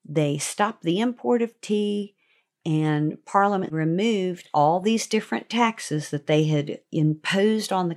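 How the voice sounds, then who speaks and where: A woman hosting a short teaching segment, explaining history in a conversational way. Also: medium pitch.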